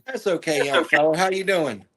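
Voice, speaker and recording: A man's voice: fairly high pitch, normal speed, fairly bright tone. A man joining a live stream as a guest, greeting the host in a friendly, folksy way. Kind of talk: casual chat.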